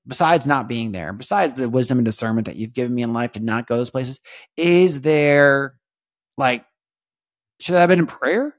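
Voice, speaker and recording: A man hosting a podcast, talking in a rambling, halting way with many restarts and earnest, faith-minded reflection. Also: mid-range voice, expressive, dry recording, studio quality. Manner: rambling, halting, repeats words, keeps asking "you know what I mean". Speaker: podcast host. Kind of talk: casual confessional monologue.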